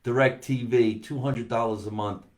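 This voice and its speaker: A male comedian talks casually on a live stream in a mid-pitched voice. His delivery is chatty and animated, and he greets viewers as he reads their comments. The room gives his voice a noticeable echo. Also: measured pace. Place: home basement.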